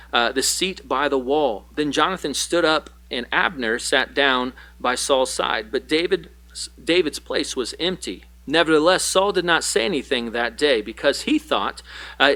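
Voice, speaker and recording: A male pastor teaching a Bible passage in a sermon, joking and animated, with quick asides and playful voices for the characters. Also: fairly high pitch. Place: church.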